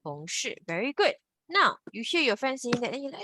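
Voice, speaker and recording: A woman's voice: high voice, sing-song, fast, pushed and bright. A woman teacher, patiently explaining grammar over a video call and repeating key points. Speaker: Mandarin teacher. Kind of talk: online class teaching.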